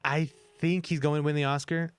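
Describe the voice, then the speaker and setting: Rambling, animated male podcast co-host. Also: fairly high pitch, a little fast, clear, resonant tone. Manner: rambling, animated, frequent fillers and swearing. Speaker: podcast co-host reviewing films. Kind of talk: casual movie review chat.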